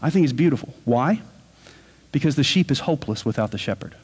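A man preaching a sermon as pastor, earnest, and he slows down to stress key words. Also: mid-range voice, animated, darkish tone, husky.

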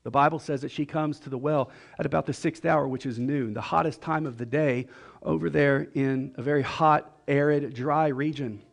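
Gravelly and fairly high, with a steady tone, this middle-aged pastor's voice carries a sermon in a church. He keeps it conversational and full of jokes, slipping into quick impressions of the people he describes.

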